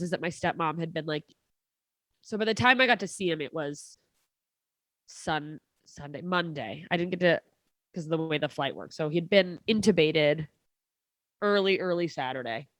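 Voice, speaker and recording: A woman with a fairly low voice talks through a personal story in a loose, conversational way. She often stops and restarts, leans on fillers, and drops in a short laugh now and then. The sound is dry and close to the mic. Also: dry recording. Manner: halting, many fillers and restarts, laughs between lines. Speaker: comedian guest.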